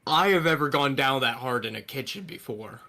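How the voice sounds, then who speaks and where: A young man co-hosting a podcast, telling stories in a lively, casual way. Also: mid-range voice, brisk. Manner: animated storytelling, acts out quoted voices. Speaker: podcast co-host. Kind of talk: casual chat.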